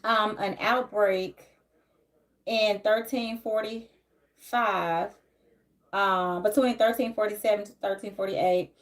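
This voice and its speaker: A woman's voice: mid-range voice, steady tone, slow. A woman hosting a casual live tarot stream from home. She rambles in a loose, down-to-earth way and greets her viewers by name. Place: home, near a closet.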